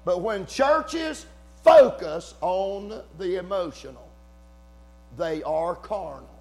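Man, preacher, high-pitched, fervent sermon, shouting peaks, folksy asides. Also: expressive, slow. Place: church.

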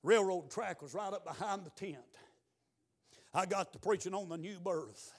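A man preaching a revival sermon in a church, moving between quiet storytelling and shouted exhortation. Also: high voice, moderate pace. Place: church building.

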